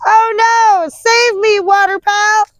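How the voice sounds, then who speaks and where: A man putting on a high falsetto as a bored, excitable young woman in a homemade ad skit, gushing and breathless. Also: measured pace, heavily acted, poor audio. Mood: panicked.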